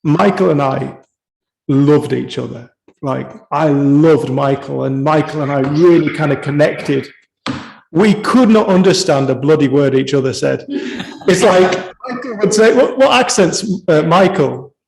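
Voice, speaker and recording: Gravelly, jovial man in a roomy space. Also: fairly high pitch, expressive, measured pace, darkish tone, a little hiss or hum. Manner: jovial, chatty, laughs often. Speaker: retreat host. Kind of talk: casual chat.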